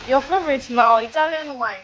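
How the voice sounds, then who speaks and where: A woman's voice: sits high, fairly quick, fairly bright tone, dull audio, slight background noise. A coaxing young female friend. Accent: Ghanaian. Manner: coaxing, soothing. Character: scheming young woman comforting her male friend.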